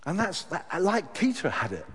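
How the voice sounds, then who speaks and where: A man preaching a sermon, his fairly high voice rising and falling with lively swings. He moves from hushed, drawn-out words to loud, ringing cries. Long reverb from a large hall trails behind him. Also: slightly rough. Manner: impassioned, swings from hushed to shouting.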